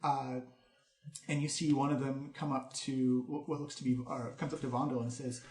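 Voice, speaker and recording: A man's voice: medium pitch, level tone, moderate pace, a little mellow, reverberant. Man narrating as game master. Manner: casual, with fillers.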